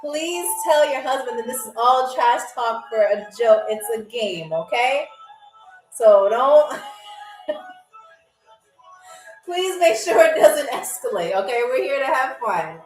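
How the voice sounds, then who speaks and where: A woman's voice: high-pitched, lively intonation, unhurried, reverberant, faint music behind. A woman hosting a live-stream game show in a playful, chatty way, often laughing as she talks, speaking into a phone. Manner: playful, chatty, laughing through her lines.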